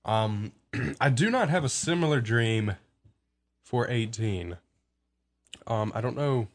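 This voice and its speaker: Taking it slowly, an eighteen-year-old man from Alabama shares casual stories as a podcast guest, his medium-pitched voice full of lively intonation. He rambles and mocks himself as he goes.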